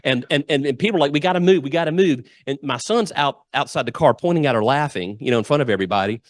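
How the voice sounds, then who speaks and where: Man, middle-aged, storytelling speech, animated, dry close sound. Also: medium pitch, quick pace, dry recording. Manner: lively anecdotal storyteller, acts out quotes. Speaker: guest speaker. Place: club meeting room.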